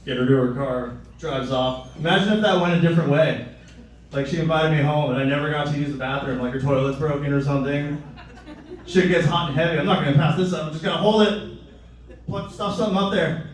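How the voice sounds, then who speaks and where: Young male stand-up comedian, crude and rambling, a touch high, live in a very echoey club with the mic a little distant. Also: fairly quick, a little hiss or hum. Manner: crude, rambling, jumps to loud high voices for quoted people.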